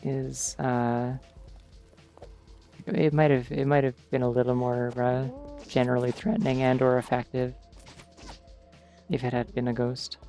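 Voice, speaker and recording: A male streamer talks casually over his gameplay, drifting from thought to thought with plenty of filler words. His voice is gravelly, with a bit of vocal fry. Soft game music plays faintly underneath. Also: mid-range voice. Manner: rambling, digressive, many "like" fillers. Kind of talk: casual chat while gaming.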